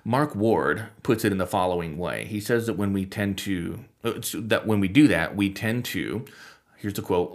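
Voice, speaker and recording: A man's voice: low voice, normal speed. A man hosting a podcast, talking through a scripted monologue with wry asides and frequent self-interruptions. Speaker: podcast host teaching on Bible languages.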